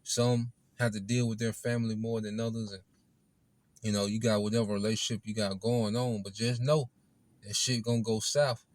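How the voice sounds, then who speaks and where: A man preaching an informal sermon in a blunt, rough-edged way, often tagging his lines with "man" and "okay". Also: on the low side, level tone, normal speed, a little mellow, no room sound. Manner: rough-edged, swears casually.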